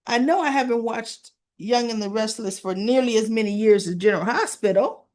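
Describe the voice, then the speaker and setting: A woman's voice: on the high side, brisk, hardly any pauses, darkish tone. A woman casually retelling soap opera episodes for her channel, chatty and full of asides. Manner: chatty, leisurely storytelling with asides and fillers. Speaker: soap opera recap vlogger.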